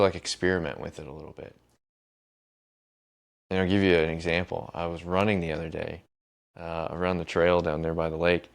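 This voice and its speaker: Deep-voiced man hosting a casual podcast. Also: gravelly. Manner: swears freely and tells stories with relaxed energy. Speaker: podcast host.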